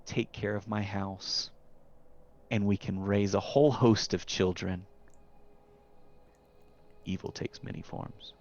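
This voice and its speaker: A man voicing a smarmy, sinister male suitor who talks in a soft, low, oily tone with menace under the sweetness. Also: fairly even intonation, unhurried. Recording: dull lo-fi recording with faint hiss.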